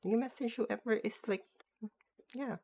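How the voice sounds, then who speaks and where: A woman's voice: a little high, a little slow, slightly rough. A woman streamer chatting casually and ramblingly as she reacts to a video, swearing freely. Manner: rambling, swears freely, loud bursts when riled up.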